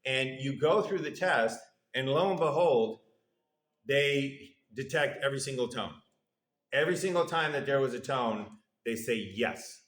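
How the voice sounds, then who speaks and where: A man lecturing in an echoey room, his voice of ordinary middle pitch. He explains step by step with a playful streak and drops his voice low and soft when he quotes what the test subjects answer. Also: expressive, normal speed. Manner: explanatory, playful, acts out subjects' replies in a lowered voice. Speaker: university lecturer. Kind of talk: classroom lecture. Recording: roomy echo.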